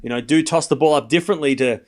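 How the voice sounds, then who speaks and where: A fast-talking man with a fairly high pitch and a darkish tone hosts a live tennis watchalong stream. He calls points and chats casually with viewers, staying chatty, laughing often, and talking to chat.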